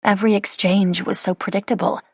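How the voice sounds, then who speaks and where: A woman narrating a romance audiobook in a measured, wry storytelling manner. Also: mid-range voice, level tone, breathy edge, no room sound, studio quality. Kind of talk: scripted narration.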